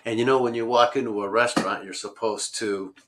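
A man's voice: medium pitch, steady tone, fairly quick, noisy background. A man telling a travel story in a rambling conversational way, with many fillers and restarts. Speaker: road-trip traveler guest.

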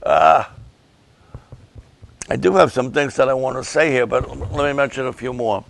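An older man, a pastor, giving an emotional, halting update and prayers for his ministry partners. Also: mid-range voice, fairly bright tone. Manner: emotional, halting, slow and gravelly.

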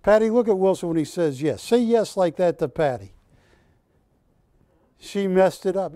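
A man's voice: sits high, animated, moderate pace, dark tone, no room sound. A man hosting a live shopping channel, joking with the crew and counting prices down. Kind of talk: live TV sales pitch and banter.

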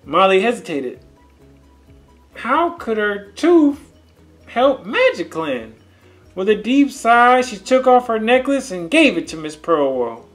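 A man's voice: sits high, sing-song, slow pace, faint music behind. An older man reading a children's picture book aloud as a storyteller, with asides to young listeners.

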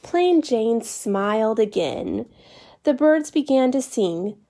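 Slow, mellow woman reading a story. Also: a little high. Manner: calm, expressive read-aloud. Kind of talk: reading a children's story aloud.

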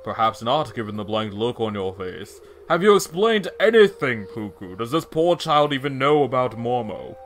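A man voicing a serious old male sword keeper in a game playthrough, speaking in a formal, measured way. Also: mid-range voice, very animated, fairly bright tone, slight background noise. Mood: solemn. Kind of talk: video game voice acting.

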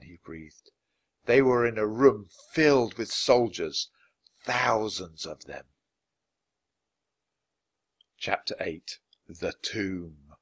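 A man narrating a children's storybook aloud, expressive and switching voices for each character. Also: on the low side. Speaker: audiobook reader.

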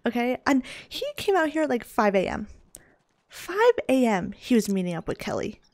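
A woman giving casual commentary over her life-sim gameplay, excitable and dramatic, gasping and laughing as she reacts. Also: a little high, normal speed, gravelly, no echo. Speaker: video game let's-play host.

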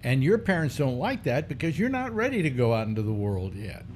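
A man's voice: medium pitch, big pitch swings, brisk, darkish tone, a little hiss or hum. A man hosting a casual live talk stream, rambling with many restarts and fillers. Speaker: host. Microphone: computer mic through speakers.

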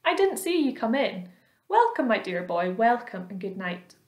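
A woman's voice: a little high, big pitch swings, moderate pace. A woman voicing a female glowworm who speaks with a haughty, refined manner. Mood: sweet. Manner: haughty, then sweet and welcoming. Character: sleepy female glowworm, cool then friendly. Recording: roomy echo.

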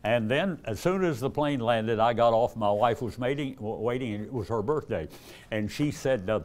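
A man's voice: medium pitch, lively intonation, moderate pace. An older man, an evangelist telling folksy stories in a sermon and acting out the dialogue. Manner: folksy, acts out dialogue in a raised voice, chuckles often. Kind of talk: storytelling sermon.

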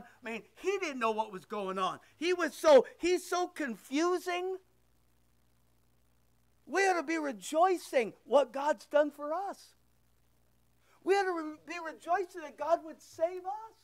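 A man's voice: very high voice, expressive, unhurried, no echo. A male pastor preaching a sermon and leading a closing prayer, impassioned and emphatic, repeating phrases for weight and quoting scripture.

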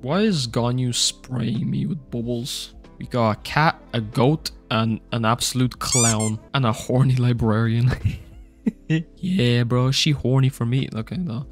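Brief: young male streamer, jumpy and loud, chatting with viewers over a bed of faint music. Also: medium pitch, measured pace. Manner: excitable, swears a lot, reads chat aloud. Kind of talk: gaming livestream commentary.

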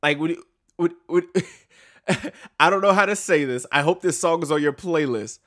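A man reacting to an album on his video channel, talking to viewers in an excitable, stammering way, swearing freely and laughing often. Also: fairly high pitch, a little fast. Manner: talks to viewers while reacting to songs. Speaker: music reaction YouTuber. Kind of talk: casual album reaction vlog.

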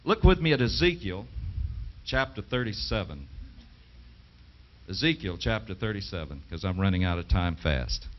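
A man's voice: deep voice, expressive, normal speed, pauses often. A middle-aged man preaching a sermon and reading scripture aloud. He speaks with emphasis and asks the audience rhetorical questions. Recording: dull lo-fi 1980s television broadcast.

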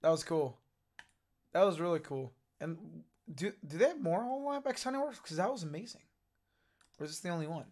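Hoarse young man reacting casually. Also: on the high side, a little fast. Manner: excitable, swears casually, laughs often. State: hoarse, losing his voice. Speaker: reaction video host.

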